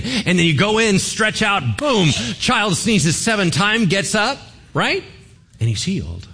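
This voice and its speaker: A pastor preaching a sermon to a congregation, telling a story with humor and acting out voices. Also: male voice, high-pitched, very animated, a little slow, fairly bright tone, husky.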